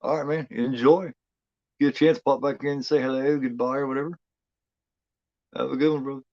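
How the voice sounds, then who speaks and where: A man's voice: mid-range voice, fairly even intonation, normal speed, a little mellow, dry recording, muffled recording. A man hosting a horror film watch-along, chatting in a rambling, profane way, full of "you know" fillers. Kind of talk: casual live commentary.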